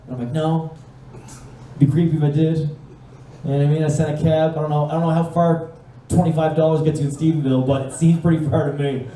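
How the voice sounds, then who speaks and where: A man's voice: on the high side, fast talker, slight background noise. A young man telling a long stand-up story on a live stage, swearing freely and acting out phone calls in different voices. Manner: animated, profane, acts out phone calls in voices. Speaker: stand-up comedian. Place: live comedy stage with audience. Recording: echoey room from a distance, faint ambience.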